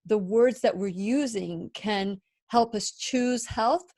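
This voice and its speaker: A woman's voice: medium pitch, slow pace, darkish tone. A middle-aged woman hosting a radio interview, speaking earnestly and affirming her guest. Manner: earnest, affirming, with small restarts. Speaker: radio show host.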